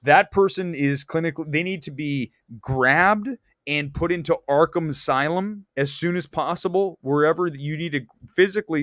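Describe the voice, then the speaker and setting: Male show host, animated movie-talk rant, dry close sound. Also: a little high, dry recording. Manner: animated, enthusiastic ranting with swearing. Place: Los Angeles area.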